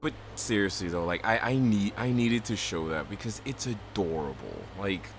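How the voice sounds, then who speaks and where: A man's voice: lowish voice, lively intonation, normal speed. A man chatting casually as a streamer, rambling and giggly. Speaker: streamer reading fan content. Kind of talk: casual chat.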